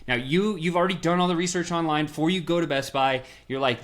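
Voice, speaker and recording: Animated male sales guest with a slightly raised pitch, punchy and storytelling. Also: quick pace, hardly any pauses. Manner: animated, acts out little scenes in voices; punchy, rhetorical questions. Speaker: sales strategist and podcast guest. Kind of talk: energetic storytelling.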